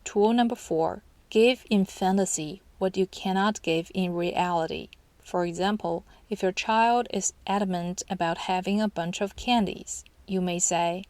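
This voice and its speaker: A woman narrates a parenting book summary with calm, steady instruction. Her voice is mid-pitched and sits close and dry on the mic, with no room around it. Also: a little slow, dry recording.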